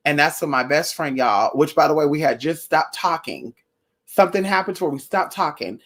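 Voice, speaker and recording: A woman vlogger talking straight to her viewers about her own life, blunt and animated. She swears freely and keeps calling her listeners y'all, girl and honey. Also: low-pitched, a little fast. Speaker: spiritual vlogger. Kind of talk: casual personal storytelling to viewers.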